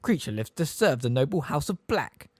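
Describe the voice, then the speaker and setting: A man voicing a hunched, spiteful old male house elf with a hoarse, deep voice, muttering resentfully under his breath. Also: sing-song, normal speed, darkish tone, dry recording, studio quality. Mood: servile.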